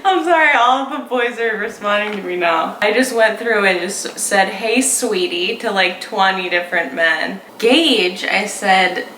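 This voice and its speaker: A woman vlogger reading dating stories aloud, playful and sarcastic and quick to laugh. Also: medium pitch, sharp tone, a little hiss or hum. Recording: roomy echo with music behind.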